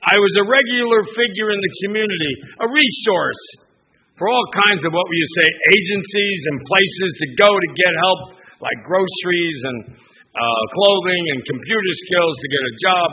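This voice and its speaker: In a church sanctuary, an older minister with a high-pitched voice preaches a chatty, rambling sermon at a moderate pace. He restarts sentences and makes asides to the congregation, and the sermon recording is dull and lo-fi.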